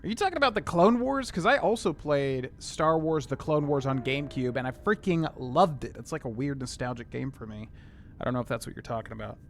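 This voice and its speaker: A man's voice: mid-range voice, fairly quick, slight background noise. A young man casually chatting with viewers while streaming a game, rambling with many fillers. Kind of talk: casual gameplay commentary.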